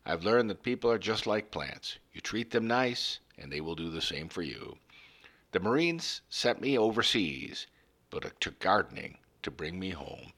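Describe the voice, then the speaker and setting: A man reading a first-person story aloud in a measured, earnest way. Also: low voice, very animated, a bit bright. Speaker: reader of a story.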